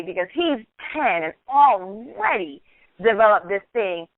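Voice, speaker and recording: A woman's voice: medium pitch, sing-song, unhurried, dry recording. An earnest woman hosts a call-in radio discussion, telling a personal story with lots of restarts. Her voice sits in a mid register. It comes through a narrow, phone-like channel with no room sound at all. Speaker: radio talk show host. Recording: tinny phone-line sound, dry.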